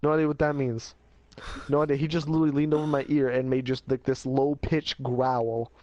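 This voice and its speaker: A man's voice: mid-range voice, level tone, brisk, muffled recording, heavy background noise. Slangy man rambling through a story. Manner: rambling, slangy, laughs at himself. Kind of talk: casual spoken life story.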